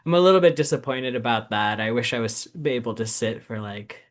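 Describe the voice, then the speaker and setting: A man's voice: medium pitch, a little fast. A man co-hosting a podcast, talking in a casual, reflective way with lots of fillers. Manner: reflective, rambling with many fillers. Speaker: podcast co-host. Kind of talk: casual conversation.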